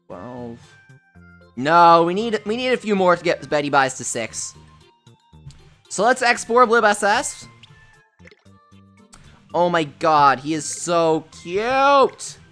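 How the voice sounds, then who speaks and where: Woman, live game streamer, giggly, excitable, very lively swooping voice, slow unhurried delivery, faint game music behind. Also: lowish voice. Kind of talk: live-stream gameplay commentary.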